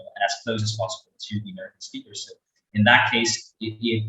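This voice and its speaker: A man's voice: on the low side, a bit bright. A man giving a webinar talk, rambling with many fillers and repeated words. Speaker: webinar speaker on English accents. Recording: echoey room, distant from the mic.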